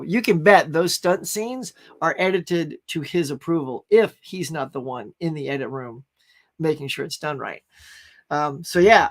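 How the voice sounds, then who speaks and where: A man with a fairly high pitch hosts a casual pop culture live stream. He rambles enthusiastically about movies and greets viewers in the chat.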